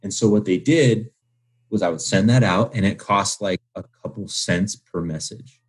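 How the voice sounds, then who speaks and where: A man's voice: lowish voice, normal speed, breathy edge. A man in his twenties, a guest on an interview podcast, talking loosely and casually with lots of filler words and little acted-out phone calls. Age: 20s. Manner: loose and chatty, heavy use of "like", acts out phone calls.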